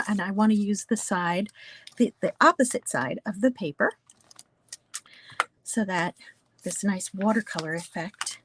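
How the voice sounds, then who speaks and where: A woman's voice: medium pitch, normal speed, slight background noise. A woman from New Jersey teaching a casual card-making class, chatty and talking through each step with small asides. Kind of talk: casual craft tutorial.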